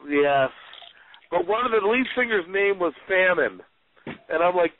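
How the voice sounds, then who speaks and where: A man's voice: high voice, lively intonation, a little slow, a little hiss or hum. A man in casual chat, reading aloud from his book and telling wry, rambling stories. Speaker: author guest. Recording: tinny phone-like, dry sound.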